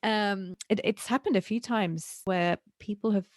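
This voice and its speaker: A British woman hosts a relaxed podcast conversation, telling her stories with plenty of energy and laughter. Her voice sits in a middle register and is recorded dry and close, with no room sound. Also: mid-range voice, a little slow, no echo. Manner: lively, laughing storyteller. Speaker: podcast host. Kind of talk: casual interview chat.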